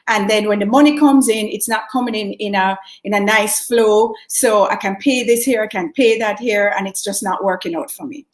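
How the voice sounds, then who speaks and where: A woman in her fifties with a Jamaican accent, talking as a guest on an online show. She speaks earnestly and from the heart, in a relaxed conversational way. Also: mid-range voice, normal speed, reverberant. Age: 50s. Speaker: guest, holistic coach. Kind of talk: casual chat.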